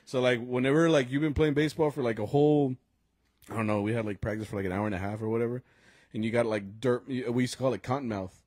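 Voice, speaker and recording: A man's voice: medium pitch, fast talker, a little mellow, no room sound, clean studio sound. A young man co-hosting a podcast, telling gig stories in a loose, laughing way, full of fillers and dropping into Spanish slang. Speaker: podcast co-host and mariachi musician. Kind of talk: casual chat at a live podcast taping.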